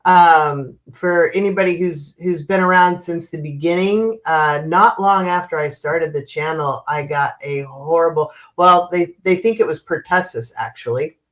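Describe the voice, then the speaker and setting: Slow-talking congested woman in her fifties. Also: sits low. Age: 50s. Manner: chatty, laughs often, greets viewers by name. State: stuffy, congested nose. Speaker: livestream host. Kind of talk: casual live-stream chat.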